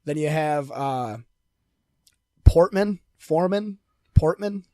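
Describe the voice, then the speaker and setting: A young man with a slightly higher voice than most men, chatting as a podcast co-host. He tells stories with animated energy, swears freely and laughs often. The sound is dry and close, with no room around it. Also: slow, no room sound. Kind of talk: casual chat.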